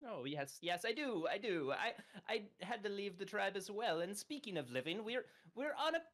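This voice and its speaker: A woman voicing an eager, chatty flying male creature who talks in an excited, stammering way. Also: moderate pace, close to an everyday voice. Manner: excited, high and fluttery, stammering.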